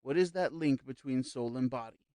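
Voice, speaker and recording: A smooth-talking spirit medium, read by a man, calm and persuasive, with a slow, reassuring delivery. The voice sits in a mid register, and the recording is close and dry. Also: mid-range voice, no room sound, natural voice. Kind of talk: audiobook character reading.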